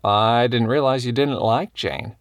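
A man's voice: medium pitch, unhurried, dry recording, clean studio sound, close to an everyday voice. A man voicing a polite young bookshop owner who speaks in a mild, easygoing way.

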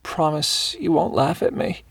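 A man voicing an upset young woman who talks in a high, wobbly, hesitant way. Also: a little slow, vocal fry, fairly bright tone, breathy edge, dry recording, clean studio sound, heavily acted. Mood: nervous. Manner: nervous, hesitant.

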